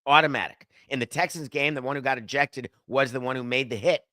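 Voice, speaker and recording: A man's voice: medium pitch, fairly even intonation, fast talker, sharp tone, no echo, clean studio sound. A middle-aged man hosting a sports podcast, delivering an emphatic, sardonic opinion monologue and arguing with himself. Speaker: podcast host.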